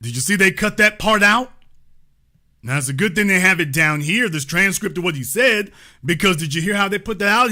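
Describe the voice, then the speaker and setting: A man's voice: sits high, animated, brisk, sharp tone. A man hosting a commentary show, reading news aloud and breaking in with emphatic remarks, repeated points and pointed rhetorical questions.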